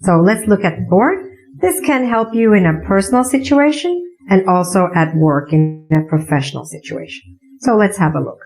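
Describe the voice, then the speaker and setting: A woman's voice: mid-range voice, expressive, normal speed, a little mellow, faint music behind, rough recording. Patient woman teaching English phrases. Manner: clear, patient, repeats example phrases. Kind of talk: classroom explanation of phrases.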